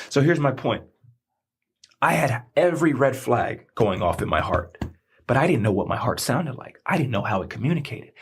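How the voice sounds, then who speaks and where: A man's voice: medium pitch, slightly rough. A man hosting a motivational podcast, telling a personal story in a preachy style. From not from Indiana. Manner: preachy, storytelling with animated rises. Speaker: podcast host.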